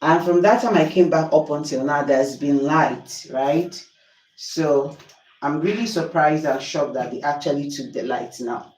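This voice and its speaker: A woman's voice: low voice, a little slow, a little mellow, echoey room, recorded from a distance, poor audio. A Nigerian woman chatting on a livestream while cooking at home, exasperated and apologetic. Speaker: livestream host. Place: home kitchen.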